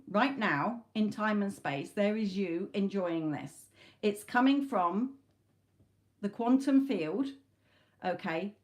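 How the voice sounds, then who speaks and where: Chatty woman giving a tarot talk. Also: medium pitch. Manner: chatty, emphatic, swears casually. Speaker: tarot reader. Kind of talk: live-stream spiritual talk.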